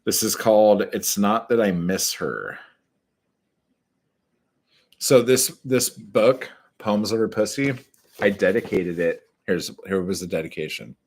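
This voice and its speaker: Guy with a real low voice reading his poems on a home stream, swears a lot, takes it slow. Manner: profane, chatty, slow deliberate reading. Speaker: poet reading his work on a livestream. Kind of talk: casual livestream chat and poetry reading. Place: dim room at home.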